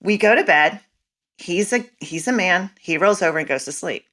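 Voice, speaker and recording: Animated woman mom-coach guest. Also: fairly low pitch, moderate pace. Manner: animated, dramatic storyteller. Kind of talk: casual interview chat.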